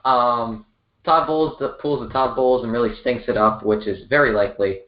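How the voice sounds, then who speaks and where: A man's voice: medium pitch, steady tone, a little fast. A man co-hosting a casual sports podcast, joking around and often hesitating. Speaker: podcast co-host. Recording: roomy, dull lo-fi sound.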